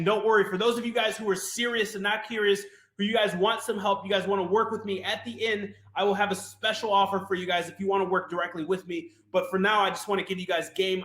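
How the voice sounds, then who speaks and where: Pumped-up guy running a sales webinar, kinda high voice, echoey room. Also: fairly bright tone. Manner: fast, hyped, repeats "right?" and "you guys". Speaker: webinar presenter.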